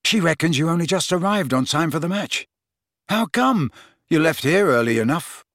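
A man's voice: fairly high pitch, lively intonation, moderate pace, a bit bright, dry recording, studio quality, voice pushed up. A man doing a casual teenage boy. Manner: casual, reasonable, teasing. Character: easygoing teenage boy best friend. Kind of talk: audiobook character voice.

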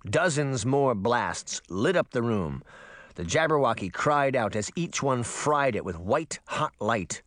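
A man narrating an audiobook with expressive, dramatic storytelling. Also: mid-range voice, a little slow, no room sound, studio quality. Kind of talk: audiobook reading.

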